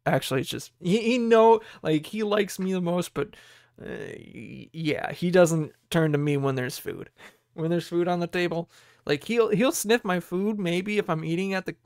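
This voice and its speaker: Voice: mid-range voice, moderate pace, darkish tone, no room sound, studio quality. A young adult podcast host in their twenties, chatting casually on their own in a meandering way, with many fillers. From United States. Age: 20s. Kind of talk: casual solo chat.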